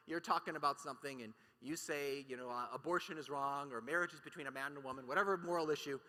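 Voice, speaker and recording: A man's voice: fairly high pitch, pushed and bright. A man giving an impassioned keynote talk at a conference, emphatic and full of rhetorical questions. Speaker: conference speaker. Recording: long hall reverb.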